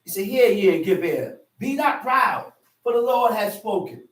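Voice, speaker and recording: A man's voice: sits high, expressive, moderate pace. A male preacher giving an emphatic, repetitive sermon, reading scripture and restating it in slang. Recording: echoey room, far from the mic.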